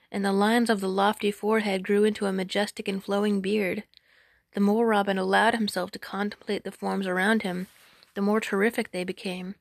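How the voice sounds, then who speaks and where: A woman reading an old folk tale aloud in a measured, dramatic storytelling manner. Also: medium pitch, creaky, no room sound, clean studio sound. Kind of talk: storybook narration.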